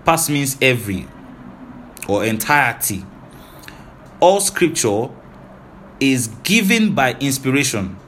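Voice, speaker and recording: A man preaching a Bible teaching sermon, talking quickly and animatedly, often checking in with "right?" and "hallelujah". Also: mid-range voice, very animated, fairly bright tone, slight background noise.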